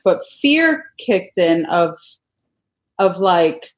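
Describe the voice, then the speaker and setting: A woman's voice: lowish voice, unhurried. A young adult woman, a guest, earnestly telling her own love story in a casual conversation.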